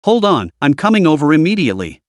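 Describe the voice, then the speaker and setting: A man's voice: a little high, big pitch swings, fast, no echo, clean studio sound. A man doing a scornful, scolding superior.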